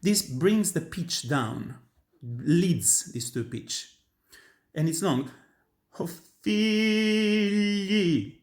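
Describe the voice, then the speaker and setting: An Italian-accented man with a somewhat high speaking voice explains how to sing an aria. He teaches earnestly and emphatically, often breaking off and restarting his sentences as he works through his points. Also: lively intonation, takes it slowly, darkish tone. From Italy. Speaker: opera tenor and voice teacher. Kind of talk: instructional talk on singing.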